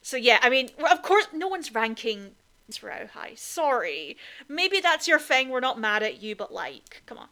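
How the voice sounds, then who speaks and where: Bright, chatty woman film podcaster. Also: fairly high pitch, sing-song, moderate pace. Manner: opinionated, chatty, with frequent "like" fillers. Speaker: podcast co-host. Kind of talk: casual film chat.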